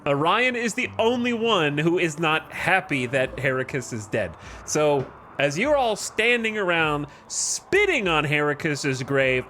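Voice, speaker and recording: A man's voice: a little high, pushed and bright, slight background noise, pitched above the performer's own voice, exaggerated voice. A man voicing a stern male colony leader with a Birmingham accent, delivering a theatrical, scolding eulogy. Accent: Birmingham, England.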